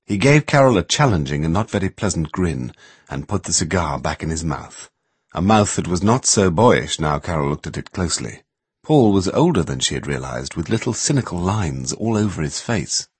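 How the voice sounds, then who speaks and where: Guy reading a storybook aloud, husky voice, really animated, dry close sound. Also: deep voice, moderate pace, dry recording. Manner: expressive storyteller doing many voices. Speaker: narrator. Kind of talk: audiobook narration.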